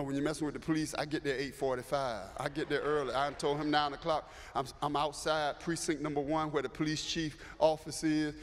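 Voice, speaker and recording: A man preaching as bishop, telling a story in an animated way and acting out the voices. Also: a little high. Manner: animated, acts out voices, builds to shouting. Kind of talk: storytelling sermon. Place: large church sanctuary. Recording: echoey church hall, faint ambience.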